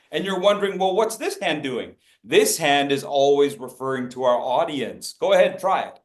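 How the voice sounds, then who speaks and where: A man leading an interactive public speaking workshop over a video call, coaching participants by name and acting out gestures with playful voices. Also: sits high.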